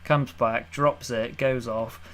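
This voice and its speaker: A man's voice: medium pitch, fairly even intonation, takes it slowly, a bit bright. A young man co-hosting a podcast, bantering casually and laughing at his own jokes. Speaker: podcast co-host. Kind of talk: casual chat.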